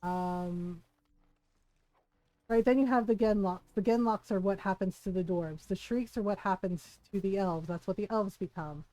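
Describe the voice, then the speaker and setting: Brief: giggly woman streamer, mid pitch, dry close sound. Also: normal speed, mellow, no room sound, low-quality recording. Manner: chatty, giggly, rambling. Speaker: game streamer. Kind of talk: live gameplay commentary.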